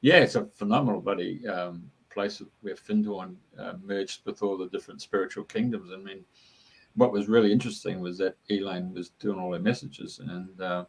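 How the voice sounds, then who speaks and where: Gravelly man telling rambling stories. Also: low voice, steady tone, normal speed, rough recording. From Australia. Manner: rambling and chatty, with many fillers. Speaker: interview guest. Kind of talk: casual storytelling.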